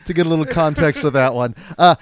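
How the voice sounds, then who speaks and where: A man's voice: on the high side, quick pace. A man co-hosting a casual film discussion, analytical and full of film references.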